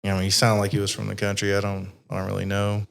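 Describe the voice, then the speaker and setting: A man talking in a low, even, unvaried voice. He hosts a casual interview chat, rambling through his thoughts with fillers and frequent swearing. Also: fast, gravelly, slight background noise. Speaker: podcast host.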